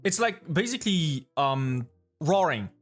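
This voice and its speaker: A man's voice: a little high, sing-song, faint music behind. A man from France with a French accent, reacting to a video and explaining pronunciation casually, with frequent restarts. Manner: halting, restarts often, explains patiently.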